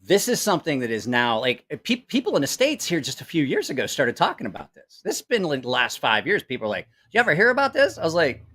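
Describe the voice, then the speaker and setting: Animated, swearing middle-aged man. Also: fairly high pitch, quick pace, few pauses, breathy edge. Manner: profane, animated, acts out quoted voices; rambling with self-corrections. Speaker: channel host. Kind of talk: casual storytelling.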